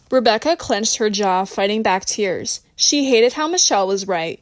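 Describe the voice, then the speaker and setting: A woman narrating an audiobook in a steady, even reading voice. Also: medium pitch, moderate pace, hardly any pauses.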